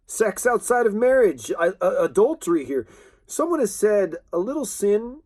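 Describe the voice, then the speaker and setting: A man preaching a sermon in an earnest, halting way, with many restarts and fillers. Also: high-pitched, very animated, darkish tone.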